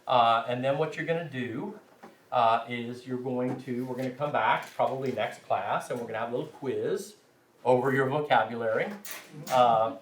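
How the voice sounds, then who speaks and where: A man's voice: mid-range voice, far from the mic. Man, class teacher, casual and self-deprecating, roomy classroom echo, faint hiss. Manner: chatty, frequent "right?" check-ins, self-deprecating. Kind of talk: classroom instruction.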